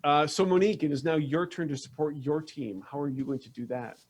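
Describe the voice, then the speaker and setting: A man's voice: on the high side, a little fast, slightly rough. A man running a tabletop game as game master, upbeat and chatty, with many fillers.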